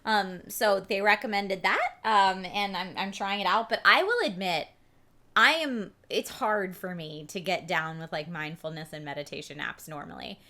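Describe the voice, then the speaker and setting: Woman co-host, casual and self-deprecating, bright, tense tone. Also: mid-range voice, normal speed. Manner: chatty, frank, self-deprecating. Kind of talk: casual chat.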